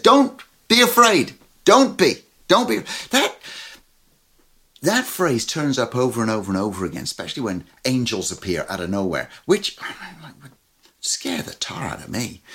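A male pastor preaching a sermon, telling the story with animated swings between loud and soft. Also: mid-range voice, breathy edge.

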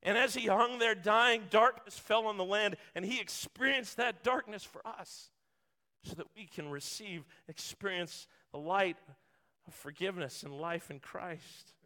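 A man's voice: high voice, unhurried, bright, forceful tone. A man preaching a sermon, earnest and building through repetition, acting out short quotes. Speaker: pastor.

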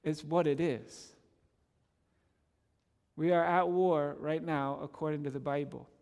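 A man's voice: on the high side, steady tone, a little slow, darkish tone, in a large hall. A man preaching a sermon as pastor, with an emphatic, repetitive cadence.

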